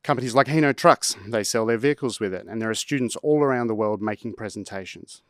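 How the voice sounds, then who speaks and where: Confident man giving a startup pitch. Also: fast talker, dry recording, studio quality. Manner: punchy, confident sales delivery.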